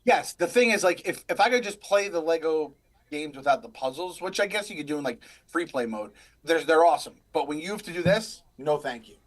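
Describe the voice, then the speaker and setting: Animated rambling man, higher voice. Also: brisk. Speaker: podcast co-host. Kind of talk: casual live stream chat.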